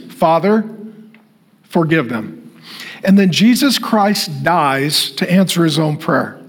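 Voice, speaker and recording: High-voiced man preaching a sermon. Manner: repetitive rhetorical preaching, builds to emphatic declarations. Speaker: pastor.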